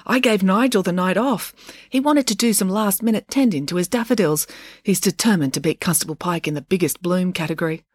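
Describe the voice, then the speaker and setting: A woman voicing an excitable, theatrical young girl in a storybook, chatty and dramatic. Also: on the low side, brisk, no echo, studio quality, natural voice. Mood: excited.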